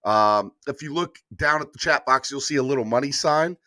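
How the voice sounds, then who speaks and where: A man's voice: medium pitch, brisk, bright, forceful tone, dry recording, clean studio sound. A man hosting a live-streamed sports morning show, hyped and repeating calls to like and subscribe. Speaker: sports podcast host.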